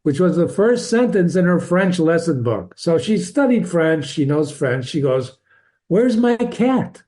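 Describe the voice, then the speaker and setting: An older man with a fairly high voice reads a classic novel aloud and pauses to explain it like a friendly teacher. He wanders into digressions and chuckles at his own asides. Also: animated, darkish tone. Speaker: reader and teacher. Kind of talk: reading a novel aloud with commentary.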